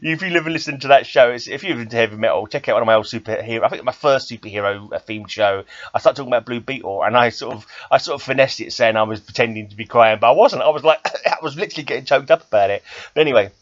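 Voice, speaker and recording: A man's voice: medium pitch, racing, no room sound, dull audio. A man who vlogs about comic books and hosts a metal podcast, rambling casually and laughing at himself. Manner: chatty, self-deprecating, laughs often.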